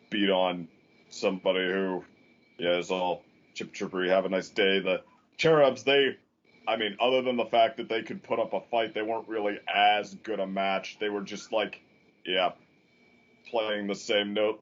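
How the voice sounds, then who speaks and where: A man's voice: deep voice, muffled recording. A man hosting a casual discussion podcast, rambling along with many fillers and restarts. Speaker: podcast host.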